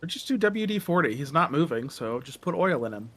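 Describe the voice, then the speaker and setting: Deadpan man co-streamer. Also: on the high side, brisk. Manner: dry, deadpan jokes. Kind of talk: casual game commentary.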